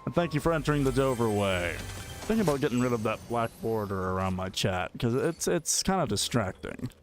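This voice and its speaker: A man's voice: mid-range voice, lively intonation, a little fast, faint music behind. A man streaming a game, chatting casually and joking with his viewers and an AI assistant. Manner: chatty, joking, talks to chat and an AI while playing. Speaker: gaming streamer. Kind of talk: casual livestream chat.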